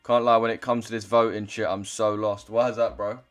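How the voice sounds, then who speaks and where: A man's voice: lowish voice, level tone, brisk. A young man chatting casually on a trading livestream, loose and chatty, swearing now and then as he reads out chat.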